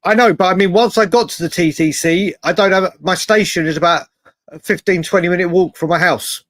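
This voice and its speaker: Casual guy on a footy podcast, kinda high voice, rambles and restarts, dry close mic. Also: a little fast, fairly bright tone, dry recording. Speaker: podcast co-host. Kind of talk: casual chat.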